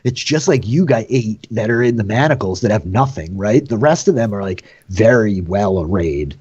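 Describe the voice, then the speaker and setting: A man narrating a tabletop game as game master, in a casual, rambling way with a slightly husky voice. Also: on the low side, lively intonation, normal speed, darkish tone, dull audio.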